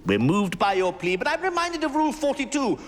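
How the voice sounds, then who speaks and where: A man's voice: very high-pitched, very animated, brisk, big-room sound. A pompous, dithering king. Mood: stern. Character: pompous, fussy adult male king presiding as judge. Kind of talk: film acting.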